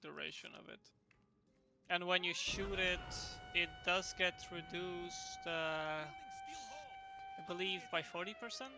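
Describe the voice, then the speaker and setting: A man, a game developer, chatting casually on a livestream and explaining things in a relaxed way with fillers. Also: high voice, slow, vocal fry, noisy background.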